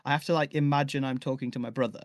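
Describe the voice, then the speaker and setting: A man with a soft northern English accent touched by southern influence, chatting casually and laughing through his stories. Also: mid-range voice, steady tone, rapid-fire, no echo, studio quality. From England. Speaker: audio drama actor. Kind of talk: casual panel chat.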